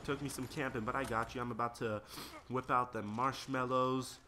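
A man's voice: medium pitch, fairly even intonation, moderate pace, a crowd in the background. A young man rambling through casual gameplay commentary and stories, slangy and easily sidetracked. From United States. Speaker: gaming video creator.

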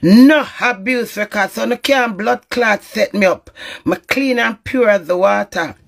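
A woman's voice: medium pitch, a little slow, creaky. A Jamaican woman in an emotional live-stream rant, pleading and emphatic and swearing often. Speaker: social media personality.

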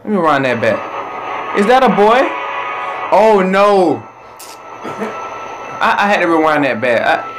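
A young man hosting a casual horror reaction video, excitable and talking straight to viewers. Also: fairly high pitch, normal speed, noisy background. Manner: excitable, talks to viewers, yelps at jump scares.

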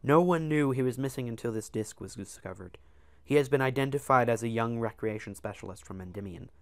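A man reading aloud and voicing a short, heavy, weary old king who talks softly in a hushed, half-whispered way. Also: medium pitch, fairly quick, no room sound, close to an everyday voice. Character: short fat old male king, soft-spoken and weary. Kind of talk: dramatic reading of a novel.

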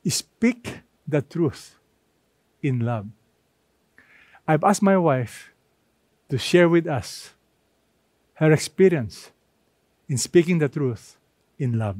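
Male pastor, slow deliberate sermon delivery, high voice, emphatic; dry sound. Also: animated, a little mellow, no room sound. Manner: emphatic, rhetorical questions to the congregation.

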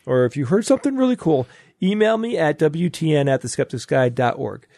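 A gravelly-voiced man, a little high for his sex, reads out a listener email and chats loosely with his co-hosts. His voice is dry and close, with almost no room around it. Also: a little fast, no room sound. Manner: reads listener email aloud, relaxed and chatty. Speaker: podcast co-host. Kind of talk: casual panel chat.

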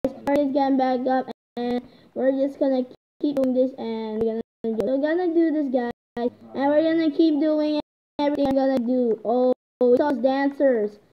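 A woman giving excitable, chatty commentary while playing a game, often calling out to "guys". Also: high voice, normal speed, highs cut off. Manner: excitable, keeps repeating "guys". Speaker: gaming vlogger.

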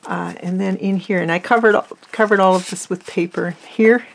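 A woman hosting a craft video, talking softly and fondly through a flip-through while losing her voice. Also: medium pitch, fairly even intonation, moderate pace, gravelly, slight background noise. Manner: soft-spoken, fond, often drops to a near whisper. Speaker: crafting channel host. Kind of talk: casual journal flip-through.

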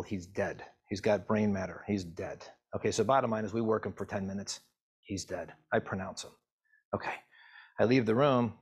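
A middle-aged man with a low, husky voice tells a story from his work. His telling is halting and emotional, and he speaks as a physician assistant who teaches other clinicians. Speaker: physician assistant and medical educator. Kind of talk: personal story told to camera.

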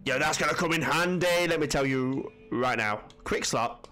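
A man with commenting on a video game he is playing, excitable, jumpy and swearing often. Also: a little high, moderate pace, soft background music. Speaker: gaming channel host. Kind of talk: let's-play commentary.

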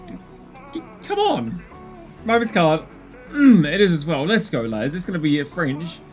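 An excitable young man commentates a game pack opening, his voice swinging from high yelps down to low grumbles. His tone sits slightly high, and faint music plays underneath. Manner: excitable, loud outbursts and groans, addresses viewers as lads. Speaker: gaming YouTuber.

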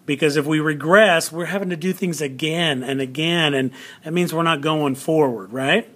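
A man's voice: on the high side, moderate pace, a bit bright. A man teaching a classroom lesson on video, patient and explaining step by step, repeating key words for emphasis.

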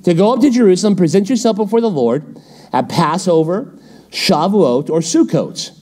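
Animated, conversational pastor, mellow voice. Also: male voice, high voice, normal speed. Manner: conversational, animated storytelling with laughs. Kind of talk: midweek Bible study teaching.

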